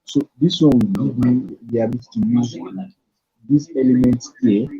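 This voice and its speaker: Halting man teaching code, dark muffled voice. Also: medium pitch, slightly rough. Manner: halting, thinks aloud while typing. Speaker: programming tutor. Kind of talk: live-streamed coding lesson. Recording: dull lo-fi stream audio.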